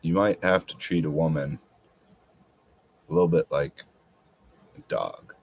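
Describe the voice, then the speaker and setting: Slow, very deep husky man. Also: dry recording. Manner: hesitant, rambling, full of filler words. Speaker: podcast host. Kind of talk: casual rambling monologue.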